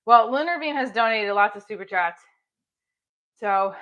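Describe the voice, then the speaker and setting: A woman's voice: medium pitch, normal speed, pauses often, muffled recording. A middle-aged woman hosting a casual livestream, chatting while she exercises, with small effortful grunts. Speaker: livestream host.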